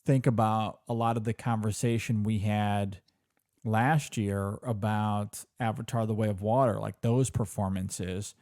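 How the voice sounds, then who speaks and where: A man's voice: on the low side, fairly even intonation, a little slow, darkish tone, dry recording, studio quality. A man co-hosting a film podcast in casual chat, rambling and enthusiastic, restarting his sentences often.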